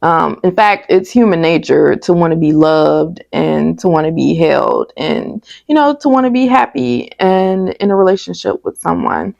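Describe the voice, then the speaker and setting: A woman's voice: lowish voice, animated, moderate pace, creaky, hardly any pauses, darkish tone, no echo. A woman reviewing a TV episode in casual, candid commentary, chatty and prone to tangents, on a dull lo-fi recording. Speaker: TV show reviewer.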